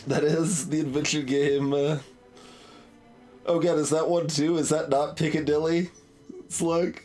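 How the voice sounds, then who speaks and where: A man's voice: fairly high pitch, level tone, unhurried, darkish tone, soft background music. A male streamer giving casual gameplay commentary in a rambling, self-amused way.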